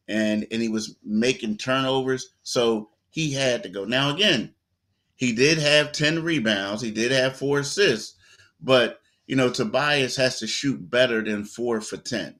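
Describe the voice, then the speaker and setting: A man co-hosting a sports talk show tells stories in a loose, animated way, full of quoted asides. His voice is medium in pitch and a little slow.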